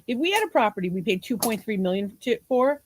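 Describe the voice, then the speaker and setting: A woman's voice: fairly high pitch, big pitch swings, fast, a crowd in the background. A woman in her forties co-hosting a podcast, chatting casually with lots of laughter and some swearing. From half Portuguese. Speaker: podcast co-host. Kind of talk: casual livestream chat.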